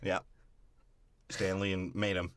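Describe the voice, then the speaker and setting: A man's voice: sits low, flat delivery, takes it slowly, fairly bright tone. A man co-hosting a podcast, joking crudely and profanely through a movie breakdown, often slipping into mocking voices. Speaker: podcast co-host.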